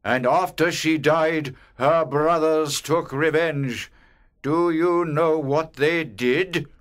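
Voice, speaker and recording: An actor playing a proud, rude old ghost who has not slept for centuries, speaking slowly and haughtily. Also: male voice, a little high. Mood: haughty. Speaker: ghost in a graded reader audio. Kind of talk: scripted audiobook drama.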